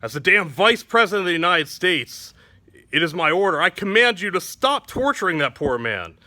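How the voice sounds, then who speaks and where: A stern politician issues a formal order in a bright, stiff, commanding voice, put on by a comedian. He sounds proper and self-important. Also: high-pitched, sing-song, moderate pace, no echo, heavily acted. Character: stern male politician giving orders, an impression of a public figure.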